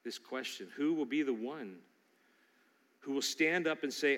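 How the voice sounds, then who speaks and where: A man preaching a sermon, emphatic and swinging from loud declarations to hushed appeals. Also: mid-range voice, unhurried, pauses often, in a large hall.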